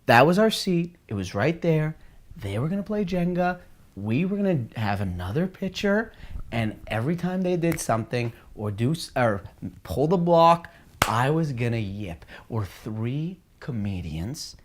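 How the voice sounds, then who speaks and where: A man's voice: mid-range voice, big pitch swings, unhurried, slight background noise. A man co-hosting a comedy podcast, chatting casually and profanely as he argues his side of a story.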